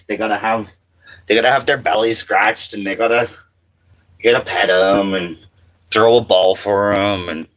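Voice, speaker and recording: Deep-voiced laid-back man livestreaming. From French Canada. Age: 30s. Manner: relaxed, rambling, reads comments aloud. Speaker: livestream host. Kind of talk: casual livestream chat.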